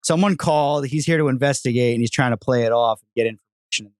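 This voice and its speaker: A man hosting a casual podcast, throwing in wry jokes between his questions. His voice sits at a middle pitch. The recording is dry and close, with little room sound. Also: quick pace, a little mellow, no room sound. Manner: joking, wry asides. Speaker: podcast host. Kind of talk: casual chat.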